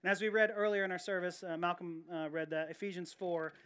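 A woman's voice: on the low side, fairly even intonation, quick pace, fairly bright tone, clear, resonant tone. A woman pastor preaching a sermon in an earnest, emphatic way, often repeating key phrases and restarting her sentences.

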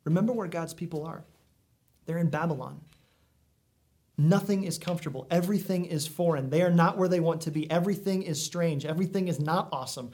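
A man's voice: a little high, fairly quick, pauses often, mellow. A man preaching a sermon in a conversational way, full of asides and questions to the congregation. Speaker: pastor.

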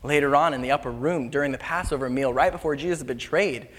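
A male preacher tells a story in a relaxed, chatty way at a middle pitch, now and then sinking to a hush. His voice rings through a large hall with a long trailing reverb. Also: fast. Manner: casual and conversational, drops to hushed tones. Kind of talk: storytelling sermon.

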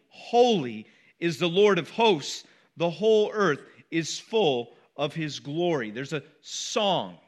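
A middle-aged pastor with a high, light, slightly bright voice preaches to his congregation, repeating key words with rising force. His manner is conversational and emphatic, with quick asides tucked between his stronger points.

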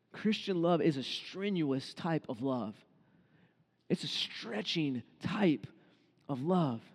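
A man's voice: high-pitched, a little mellow. A man preaching a conversational sermon as pastor, acting out quoted inner voices. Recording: long hall reverb.

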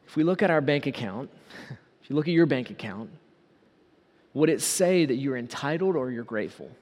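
A man preaching a sermon as pastor, asking the congregation rhetorical questions and slowing down on key words. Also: medium pitch, animated, darkish tone, in a large hall.

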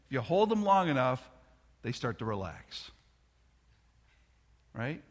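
A middle-aged man preaching a sermon as a pastor, telling a family story in a loose conversational way with restarts, sometimes dropping to a soft near-whisper. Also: mid-range voice, big pitch swings, slow pace. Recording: long reverb of a large hall.

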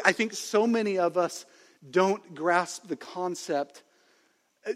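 A man in his thirties preaching a sermon, telling a family story with animated swings between loud and hushed delivery. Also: a little high. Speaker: pastor. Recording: long reverb of a large hall.

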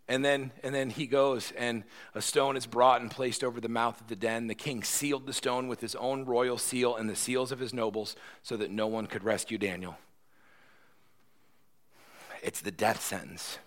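A man's voice: mid-range voice, steady tone, moderate pace. A male pastor giving a conversational sermon, retelling a story and often checking in with "right?".

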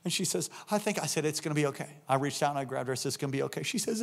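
Middle-aged pastor guy preaching, kinda high voice, tells stories and gets loud. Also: very fast, vocal fry, few pauses. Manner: animated, acts out voices in anecdotes, rising to shouts. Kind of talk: sermon with storytelling.

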